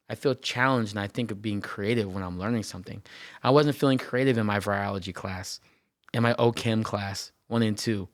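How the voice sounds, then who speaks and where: A man's voice: lowish voice, dry recording, studio quality. A man, a therapist hosting a podcast, telling his own story in an earnest, reflective way, often repeating phrases and checking in with "right?". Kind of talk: personal reflective podcast monologue.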